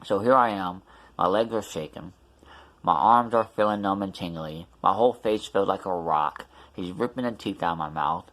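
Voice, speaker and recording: A man with a deep, low-pitched voice tells a story in a casual vlog. He rambles and restarts, with plenty of ums, and his mouth is still numb from the dentist. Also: moderate pace, a bit bright. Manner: rambling, many fillers and restarts. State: mouth numb after tooth extraction. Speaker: vlogger.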